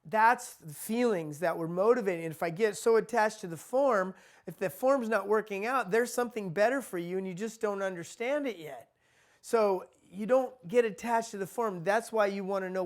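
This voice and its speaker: A man teaching a spiritual lesson in a conversational, repetitive way. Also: sits high. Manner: conversational, repeats himself, acts out quoted people.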